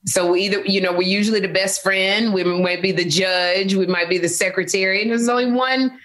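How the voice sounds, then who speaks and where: A middle-aged woman, a guest, telling animated stories in a casual interview and laughing often. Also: mid-range voice, a little fast.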